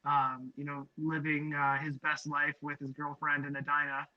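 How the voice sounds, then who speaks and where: A podcast host with a slightly high voice asks long, rambling questions full of ums and restarts in a casual interview chat. His delivery is completely flat at a moderate pace, and the audio is dry, dull lo-fi with no echo.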